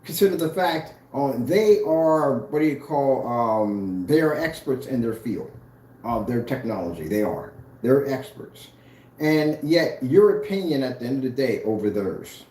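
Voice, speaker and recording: A boastful, taunting man trash-talks his rivals in a vlog. His pitch swings up and down a lot. The sound echoes around the room. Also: animated, unhurried, warm tone. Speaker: vlogger selling paint products. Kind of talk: trash-talking challenge vlog.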